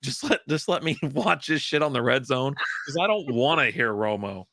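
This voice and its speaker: A man's voice: mid-range voice, lively intonation, moderate pace, pushed and bright, no echo, clean studio sound. A man co-hosting a casual live chat about football and beer, loose and profane with mocking asides. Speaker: co-host.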